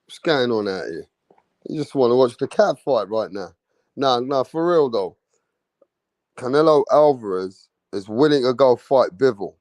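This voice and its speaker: A man's voice: mid-range voice, lively intonation, normal speed, no echo. A young man hosting a livestream, chatting brashly with lots of swearing and as he reads out viewer comments. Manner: brash, swearing, slangy, loud hype bursts. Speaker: livestream host. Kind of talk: casual livestream chat reading viewer comments.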